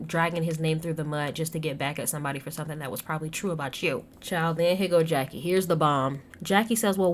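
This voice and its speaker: A woman hosting a casual recap podcast, chatting to listeners and acting out quoted lines with big jumps in her voice. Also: a little hiss or hum. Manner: animated, acts out quotes with big pitch jumps. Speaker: podcast host recapping reality TV.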